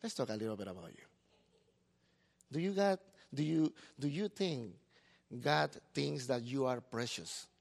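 A middle-aged man, a pastor preaching a sermon in a lively, talkative way. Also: medium pitch, a little slow, gravelly, pauses often.

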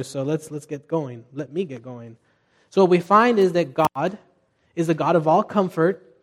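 A middle-aged man preaching a conversational sermon as pastor, telling family stories with restarts and asides. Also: fairly high pitch.

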